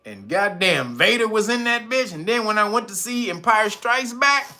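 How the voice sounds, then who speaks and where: A man in his forties hosting a casual monologue, animated and emphatic, often laughing and swearing. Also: sits high, measured pace. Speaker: channel host.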